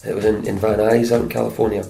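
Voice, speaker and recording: A man's voice: fairly low pitch, little pitch movement, fast talker, vocal fry, mellow, faint music behind, poor audio. A middle-aged Scottish man, an actor and stuntman, telling chatty anecdotes in an interview and slipping into voices for the people in them. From Scotland. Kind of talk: casual interview storytelling.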